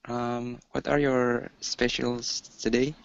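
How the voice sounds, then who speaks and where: A man's voice: mid-range voice, level tone, takes it slowly, gravelly, clean tone, muffled recording. A man who is a language student, speaking hesitantly with many fillers.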